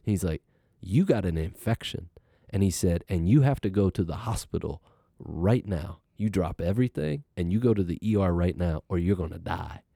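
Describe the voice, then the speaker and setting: A middle-aged man casually telling a personal story, animated and acting out what people said. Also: deep voice, normal speed, gravelly, slightly rough, no echo, clean studio sound. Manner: animated, acts out quoted voices, laughs while telling.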